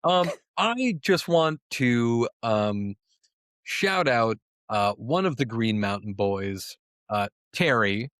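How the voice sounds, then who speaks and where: A man's voice: mid-range voice, lively intonation, slow, fairly bright tone, no room sound, clean studio sound. A man co-hosting a soccer podcast in casual chat, rambling and profane with plenty of "uh" fillers. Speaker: podcast co-host.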